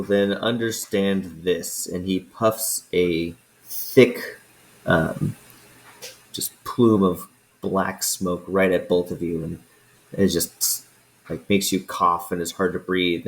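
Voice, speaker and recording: Slow, deep-voiced male game master. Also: fairly even intonation, low-quality recording. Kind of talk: narrating a tabletop game.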